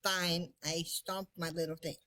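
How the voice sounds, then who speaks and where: A woman who is a podcast guest, telling her story in a casual, lively way, laughing often and poking fun at herself. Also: fairly low pitch, a little slow.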